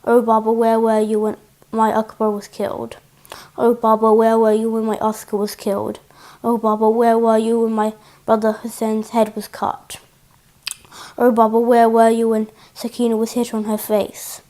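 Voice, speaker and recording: A woman's voice: a little high, completely flat delivery, moderate pace, mellow, lightly acted. A woman reading the lines of a grieving noblewoman who pleads and laments. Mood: lamenting. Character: grieving noblewoman, sister and guardian.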